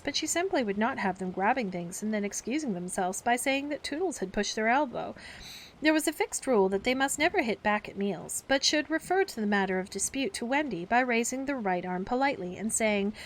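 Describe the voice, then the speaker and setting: A woman's voice: lively intonation, brisk, slight background noise. Woman reading a children's classic aloud. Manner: acts the characters with raised pitch for the children's outbursts. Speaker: storyteller. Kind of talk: bedtime story reading.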